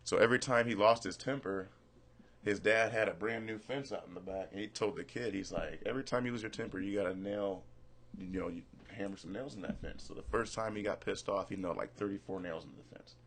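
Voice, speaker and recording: A man's voice: on the low side, fairly quick, fairly bright tone, a little hiss or hum. A man hosting a casual radio talk show, telling a story in a laid-back way.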